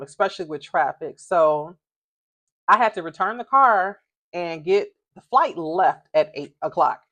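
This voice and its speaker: A woman's voice: on the low side, fairly bright tone, no echo. A middle-aged woman, a mother, casually telling a story with laughter, acting out quoted voices.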